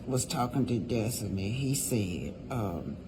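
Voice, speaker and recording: A man's voice: on the low side, expressive, measured pace, background noise. A man giving casual vlog commentary on a reality show, talking straight to his viewers and repeating points for emphasis.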